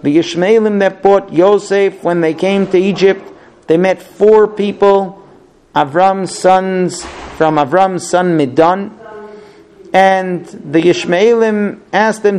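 A man's voice: high-pitched, slow, a little mellow. A man earnestly retelling a scripture story, dramatic and now and then correcting himself.

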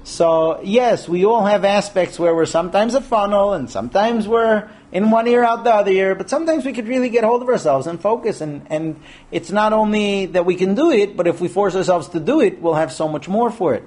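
A man leading a Torah class, talking with a somewhat high voice. He is lively and animated, slipping into the voices of the people he quotes and throwing rhetorical questions at his listeners. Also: a little fast. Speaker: rabbi teaching a Torah class. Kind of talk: lecture to a class of men.

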